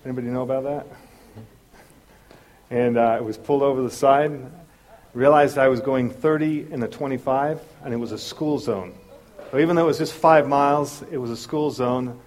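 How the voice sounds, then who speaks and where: At a normal speed and in a mid-range voice, a Southern California pastor brings a sermon story to life, acting out the voices of the people in it.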